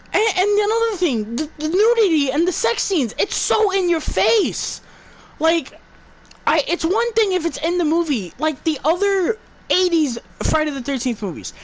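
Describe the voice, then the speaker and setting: A woman giving an exasperated, profane movie review, stumbling and restarting her words as she rants. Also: extremely high pitch.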